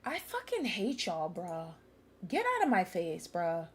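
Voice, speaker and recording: A woman's voice: on the low side, wildly swooping pitch, unhurried, a little hiss or hum. A young woman streamer commenting live on a game, ranting angrily and swearing at the characters. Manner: angry, profane, ranting at characters.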